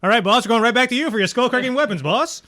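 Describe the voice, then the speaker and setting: A man's voice: very high voice, lively intonation, rapid-fire, noisy background. A man co-hosting a casual podcast, bantering with crude, joking remarks. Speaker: podcast co-host. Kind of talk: casual chat.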